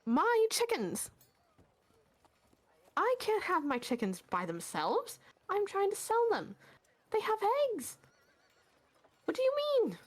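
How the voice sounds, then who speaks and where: A woman's voice: very high-pitched, wildly swooping pitch, slow pace, long pauses, voice pushed up, full character voice. A woman voicing a stubborn woman who sells chickens, shrieking and indignant in a tabletop game.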